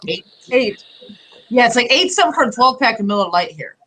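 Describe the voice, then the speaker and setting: A woman hosting a casual voice chat, giggly and asking quick questions. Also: a little high, lively intonation, a bit bright, a little hiss or hum, poor audio. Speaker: chat host.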